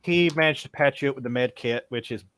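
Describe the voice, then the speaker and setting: A man narrating a tabletop game as game master, casual, laughing often and voicing characters in quick bursts. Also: mid-range voice, fairly bright tone, clear, resonant tone.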